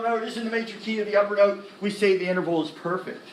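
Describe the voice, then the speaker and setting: A man teaching music theory in a classroom lecture, animated, firing quick questions at the students and tossing in slang. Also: high voice, slight background noise. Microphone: laptop recording the lecture. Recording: echoey classroom from a distance.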